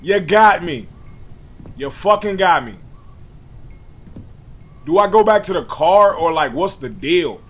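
A man hosting his gaming channel, giving jumpy, loud commentary on a horror game, swearing and yelling at every scare, his voice hoarse from screaming. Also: sits high, animated, slow, long pauses.

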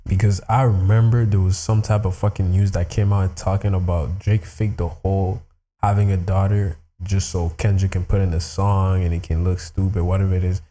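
Deep-voiced man hosting a reaction video. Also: flat delivery, normal speed, mellow. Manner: loose slangy talk, constant "you know what I'm saying" fillers. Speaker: music reaction host. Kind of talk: casual reaction commentary. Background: hip hop music.

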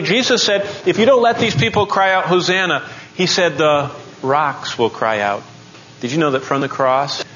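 A man preaching a Bible sermon in a dramatic style, his voice rising on emphasized phrases and slowing on key words. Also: fairly high pitch, a bit bright. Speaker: pastor and Bible teacher. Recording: slightly dull lo-fi recording with faint background noise.

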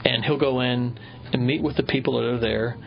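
A man's voice: mid-range voice, steady tone, vocal fry, highs cut off. A man from Kentucky in his fifties, a river scientist guesting on a radio interview, telling stories thoughtfully with frequent restarts. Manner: thoughtful, unhurried storytelling with restarts.

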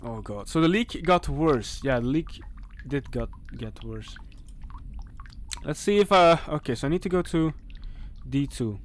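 A man's voice: fairly high pitch, expressive, a little slow, pauses often. A young man playing a horror game and commentating, jumpy and talking back to the characters on screen. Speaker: gaming channel host. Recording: faint background noise.

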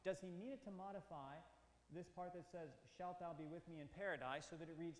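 In a hall with an audience, a man preaches an emphatic seminar sermon and often puts questions to his listeners. His voice is a little high, with fairly even intonation and a fairly quick pace. A long hall reverb colors the recording.

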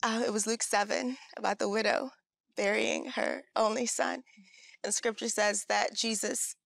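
A woman's voice: on the high side, fairly even intonation, measured pace, vocal fry, a bit bright, no echo. A woman sharing an earnest personal testimony as a talk show guest, storytelling and acting out what people said. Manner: earnest, storytelling, acts out quoted voices.

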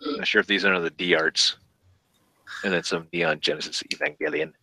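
A man's voice: low voice, animated, normal speed, creaky, pushed and bright, no room sound, poor audio. A man hosting a podcast, chatting casually and thinking aloud with fillers about collectible toys. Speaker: podcast host.

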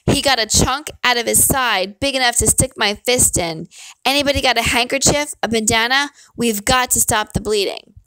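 A woman's voice: on the high side, normal speed, bright, forceful tone, no echo, poor audio. A woman voicing a terrified man whose voice quavers like a child's. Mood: frightened. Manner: quavering, frightened.

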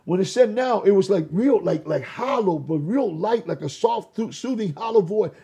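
A man giving a testimony in an interview, storytelling in an animated way and acting out the voices of people he quotes. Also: high voice, normal speed, husky. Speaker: interview guest.

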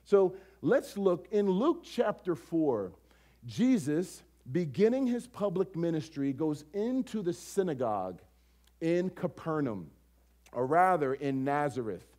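A man preaching a sermon as pastor, conversational and animated, full of rhetorical questions. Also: a little high, unhurried.

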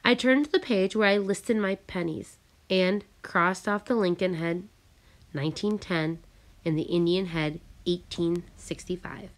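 A woman reads a chapter of a story aloud in a measured, careful way. Her voice sits on the low side, and she narrates steadily from line to line. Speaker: audiobook narrator. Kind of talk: storybook reading.

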